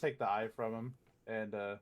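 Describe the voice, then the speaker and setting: A man playing in a tabletop game, calmly describing what his character does. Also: lowish voice, normal speed. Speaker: player. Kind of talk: tabletop role-play.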